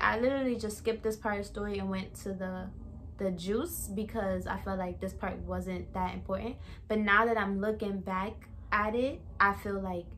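A young woman vlogger telling a story, animated and emphatic, with laughing asides to viewers. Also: mid-range voice, a little hiss or hum. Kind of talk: storytime vlog.

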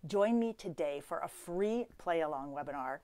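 A middle-aged woman, a harpist, telling a personal story to the camera, swinging between loud emphasis and hushed asides. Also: sits low, lively intonation, normal speed.

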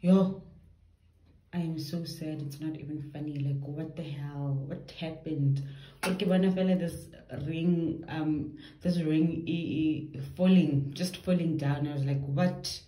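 A young woman chatting casually to her phone camera at home, talking to viewers in a lively, exasperated way. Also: low-pitched, breathy edge, low-quality recording. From South Africa. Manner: chatty, exasperated, quick laughs. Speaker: vlogger. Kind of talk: casual vlog chat. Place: home indoors. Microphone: phone held at arm's length.

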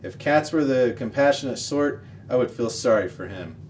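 A man's voice: mid-range voice, expressive, moderate pace, a little mellow, slight background noise, lightly acted. Man voicing a moody dramatic she-cat. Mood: moping. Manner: wailing, self-pitying. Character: proud female ship's cat, dramatic, moody.

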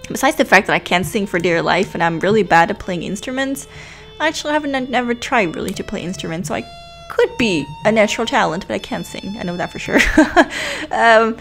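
A woman's voice: medium pitch, very animated, brisk, vocal fry, a bit bright, soft background music. A woman in her twenties giving chatty, self-deprecating commentary over gameplay, often laughing. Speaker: gaming YouTuber.

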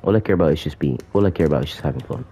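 A man's voice: rumbling low, animated, very fast, mellow, breathy edge, soft background music. A man giving joking commentary as he plays a horror game, talking to the character chasing him. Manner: jokey, talks to the game's villain. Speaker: gaming YouTuber.

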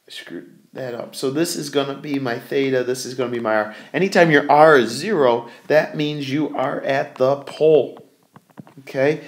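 A man teaching a recorded math lesson, thinking aloud as he draws and correcting himself along the way. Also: medium pitch.

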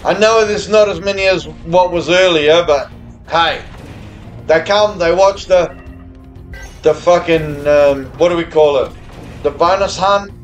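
A man's voice: on the high side, a little slow, faint music behind. A man who is a bit tipsy and slurring, chatting and swearing while he streams to viewers. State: tipsy, slurring a little after beers. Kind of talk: live gambling stream chat. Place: hotel or home room abroad.

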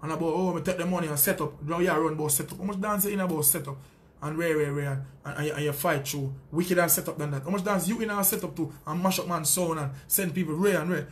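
A Jamaican man with a high-pitched voice delivers a heated callout rant. He speaks as a sound system selector, taunting and boastful, with plenty of profanity. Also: fast talker.

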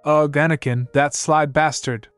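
A man's voice: a little high, normal speed, faint music behind, natural voice. A man voicing an aloof, smirking young sorcerer who speaks in a dry, polite, slightly mocking way. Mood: wry.

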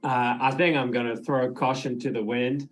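A man playing a tabletop role-playing game, thinking aloud in halting, unfinished sentences. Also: mid-range voice, fairly even intonation, soft background music. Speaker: player. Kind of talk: casual game talk.

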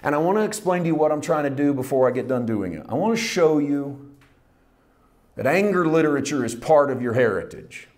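A man preaching a sermon, swinging from hushed asides to loud, intense scripture readings, with folksy humor. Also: on the high side, expressive, brisk. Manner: reads scripture aloud with rising intensity. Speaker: pastor.

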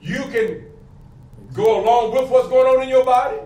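High-voiced preaching man, echoey hall. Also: moderate pace, darkish tone. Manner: fervent preaching with call-and-response questions. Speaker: pastor. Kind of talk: sermon. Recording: echoey, from a distance, faint room noise.

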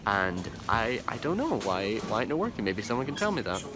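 Filming a casual travel vlog inside an airport departure area, a young man chats and rambles, stumbling through fillers and restarts over background noise. His voice is fairly low and sing-song, and he talks fairly quickly.

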